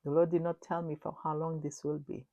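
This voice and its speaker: A middle-aged woman preaching a prophetic message in a low, gravelly, mellow voice, recorded dry and close. Her delivery is earnest and repetitive, lurching between loud declarations and hushed words. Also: little pitch movement, a little fast, no echo, muffled recording. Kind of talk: prophetic sermon recounting a dream.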